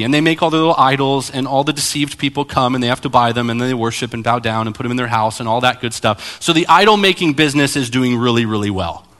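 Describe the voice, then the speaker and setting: A man preaching a sermon as pastor, animated and acting out Bible scenes. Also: on the high side. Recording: long hall reverb.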